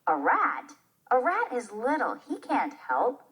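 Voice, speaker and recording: A woman's voice: on the high side, huge pitch swings, a little slow, fairly bright tone, husky, full character voice. A woman reading the part of an eager young boy in a children's play.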